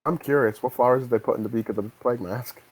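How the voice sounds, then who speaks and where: A man's voice: medium pitch, fast talker, darkish tone, no echo, rough recording. A man co-hosting a podcast in casual chat, often hesitant and restarting his sentences. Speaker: podcast co-host.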